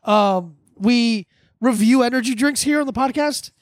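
A man's voice: extremely high pitch, no room sound, clean studio sound. A male podcast co-host introducing a recurring segment in a chatty, casual way. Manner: quick agreeing backchannel, then chatty segment intros. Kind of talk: casual comedy podcast chat. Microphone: podcast microphone.

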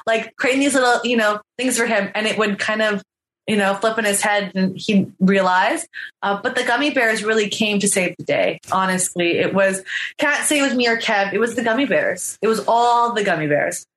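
A woman telling her story in a casual interview, animated and acting out what people said. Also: medium pitch, moderate pace. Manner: animated storyteller, acts out quotes. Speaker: reality show contestant. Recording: echoey room.

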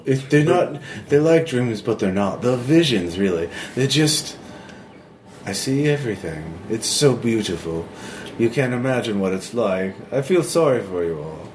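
A man voicing a giddy, eccentric young male painter who talks excitably in a raised, breathless voice and giggles often. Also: mid-range voice, normal speed, natural voice. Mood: dreamy. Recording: echoey room with background noise.

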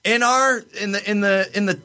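A man hosting a casual podcast from a studio, loud, profane and jokey as he tells a news story. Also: high-pitched, steady tone, normal speed. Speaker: podcast host.

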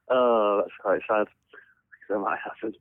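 A man's voice: fairly low pitch, no room sound. A male comedian guest in casual interview chat, hesitant and full of ums. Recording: phone-line call, dry.

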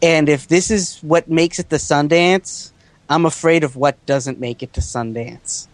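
Dry, wry man, slightly higher voice. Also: steady tone, unhurried, dry recording. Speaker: podcast co-host. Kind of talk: casual podcast chat.

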